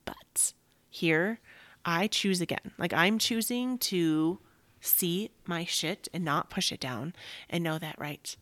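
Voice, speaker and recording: A woman in her thirties speaks in a lowish voice. It is recorded close and dry. She talks through a reflective self-help monologue, leaning on "like," addressing listeners as sisters, and often sinking to a soft whisper. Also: slow, no echo. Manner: heavy "like" fillers, calls listeners sisters. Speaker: podcast host.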